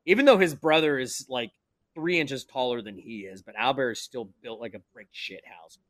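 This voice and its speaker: A man narrating as game master, rambling and animated, with spoken sound effects. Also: mid-range voice, normal speed, dry recording.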